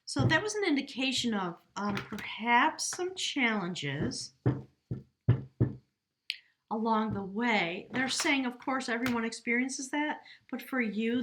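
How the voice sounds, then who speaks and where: A woman's voice: on the high side, fairly bright tone, a little hiss or hum. A woman giving a casual tarot reading to camera, chatty and heartfelt, talking straight to the viewer. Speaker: tarot reader.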